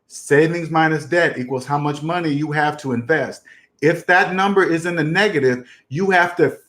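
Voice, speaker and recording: A man's voice: fairly high pitch, a bit bright, roomy sound. A man hosting a personal finance talk, speaking emphatically, repeating catchphrases and firing off rhetorical questions. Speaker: personal finance channel host. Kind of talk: casual direct-to-camera talk.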